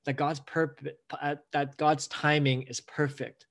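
A man's voice: fairly high pitch, level tone, slow pace, a bit bright. Male pastor, sermon delivery, earnest, builds emotion through repetition. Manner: earnest, builds to emotional emphasis with repeated phrases.

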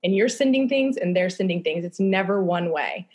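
Woman, young adult, candid podcast guest, lowish voice, casual, swears often. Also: animated, moderate pace, a little mellow. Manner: casual, frequent fillers and swearing.

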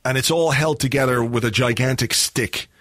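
A man co-hosting a football podcast in casual, wry chat that drifts into jokey asides. His voice sits at an ordinary middle pitch. The sound is close and dry, with no room around it. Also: moderate pace, fairly bright tone, no echo. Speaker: podcast co-host.

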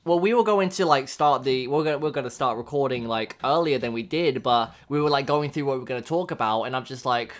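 A man's voice: medium pitch, fast, hardly any pauses. A young man co-hosting a relationship podcast, chatting casually with lots of fillers and frequent laughs. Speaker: podcast co-host. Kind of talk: casual chat.

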